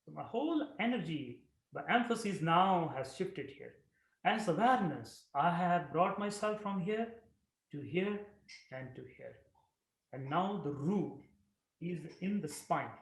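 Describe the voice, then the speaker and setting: Male meditation teacher, high, animated delivery, demonstrative chanting; roomy echoey recording. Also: a little slow. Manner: demonstrative, with long projected chanted syllables. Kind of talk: guided breathing and chanting instruction.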